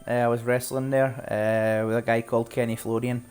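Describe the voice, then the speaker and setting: A Scottish man from Glasgow talks easily to his viewers while playing. He asks them questions, laughs often and wanders from topic to topic. Quiet game music plays behind him. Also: medium pitch, flat delivery, fairly quick, clean tone. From Scotland, Glasgow. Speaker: streamer. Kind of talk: casual chat while playing a game live.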